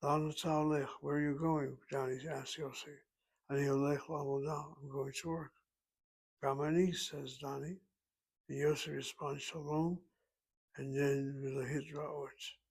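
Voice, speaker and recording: Here a man with a slightly high, creaky and somewhat rough voice works through a self-paced Hebrew lesson. Speaking fairly quickly in a level tone, he reads a dialogue first, then walks through the grammar methodically, one step at a time.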